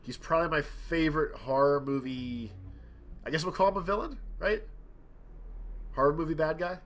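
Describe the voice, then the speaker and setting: A man's voice: a little high, moderate pace. A young man hosting a let's play, telling a rambling childhood story in a casual way while playing. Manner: rambling, animated anecdote with quoted voices. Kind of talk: casual storytelling over gameplay.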